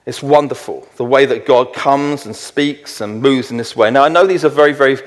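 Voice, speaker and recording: A middle-aged man preaching a sermon, slowing down to read scripture verses with weight and emphasis. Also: medium pitch. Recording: long hall reverb.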